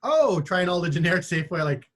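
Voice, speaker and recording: A man's voice: high-pitched, big pitch swings, fast, fairly bright tone. A man hosting a casual podcast, joking dryly and often stumbling over his words as he riffs. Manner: wry, stammers and restarts when riffing. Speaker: podcast host.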